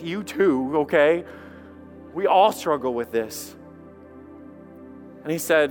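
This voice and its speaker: A man preaching a sermon as lead pastor, impassioned, swinging from hushed to loud and repeating phrases. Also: a little high, animated, measured pace, long pauses, faint music behind.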